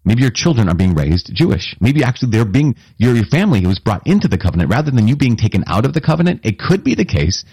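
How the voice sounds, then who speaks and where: A man's voice: mid-range voice, sing-song, fast talker, few pauses, a little mellow, breathy edge, dry recording. A man giving a conversational, earnest sermon, often checking in with his listeners. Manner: conversational, earnest, with frequent restarts and asides to listeners. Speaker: priest.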